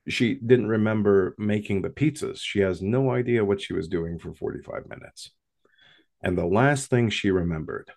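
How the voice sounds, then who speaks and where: Deep gravelly man telling a dark tale. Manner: intense and dramatic, with long pauses. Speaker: storyteller. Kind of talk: first-person paranormal story.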